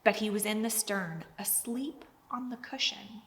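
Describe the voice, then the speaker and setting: A woman's voice: mid-range voice, a little slow, a bit bright. A woman teaching a Bible lesson to children, telling the story expressively and dropping to near-whispers. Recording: hall reverb with faint background noise.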